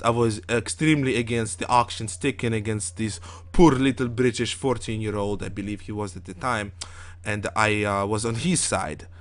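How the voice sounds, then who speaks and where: A man from Europe co-hosts a live gaming stream in loose, casual banter. He rambles and jokes, and his sentences are full of fillers and restarts. His pitch sits in an ordinary middle range. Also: a bit bright. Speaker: co-host of a live gaming show.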